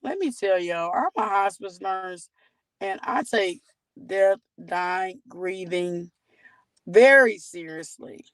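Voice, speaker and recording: A woman's voice: mid-range voice, slow, no echo, rough recording. A woman hosting a casual livestream, talking candidly and chatting straight to her viewers. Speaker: livestream host.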